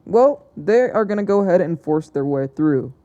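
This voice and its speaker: Young male narrator, soft dark tone, chatty and unpolished, stumbling and fixing his words as he goes. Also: high-pitched, animated, normal speed, muffled recording. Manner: hesitant, self-correcting, chatty. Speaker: narrator of an alternate-history map video. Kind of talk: casual unscripted narration.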